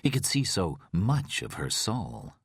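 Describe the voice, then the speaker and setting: A man narrating an audiobook thriller in a slow, deliberate, tense way. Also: low voice, wildly swooping pitch, husky, dry recording, studio quality.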